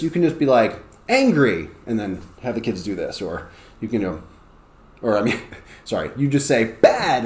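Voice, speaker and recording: Male ESL teacher, lively demo style with excited shout-outs, mid pitch, echoey room. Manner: energetic, demonstrates classroom drills with bursts of high excited calls. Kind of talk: teaching demonstration. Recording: roomy echo.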